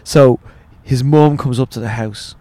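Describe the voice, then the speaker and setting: A man's voice: medium pitch, a little slow, dark tone, no echo. Irish man telling rowdy family stories. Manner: swearing, laughing anecdotes with acted quotes. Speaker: guest, author. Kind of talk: casual storytelling interview.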